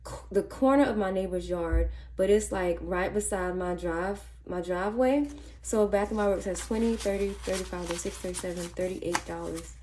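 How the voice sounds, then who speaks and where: A woman vlogging casually, telling a chatty, animated story and counting money softly under her breath. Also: mid-range voice. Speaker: budgeting vlogger. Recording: faint background noise and clicks.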